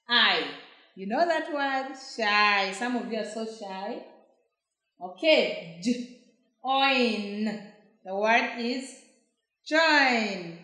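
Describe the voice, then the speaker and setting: A woman's voice: on the high side, pushed and bright. A woman teaching phonics, sounding out words letter by letter in a patient, encouraging way. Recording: very echoey room.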